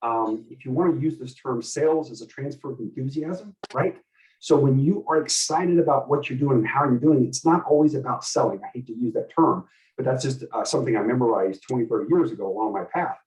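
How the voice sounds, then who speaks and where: A middle-aged man coaching a group, animated and full of questions for the people listening. His voice sits in a plain middle range and comes from some distance off the mic. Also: mid-range voice, a little fast. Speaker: host and communication coach. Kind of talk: teaching a group session.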